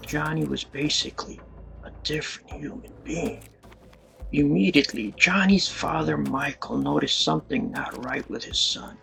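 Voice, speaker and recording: A man's voice: on the high side, vocal fry, sharp tone. A man narrating a true-crime story in a casual, dramatic, colloquial way, acting out voices and sound effects.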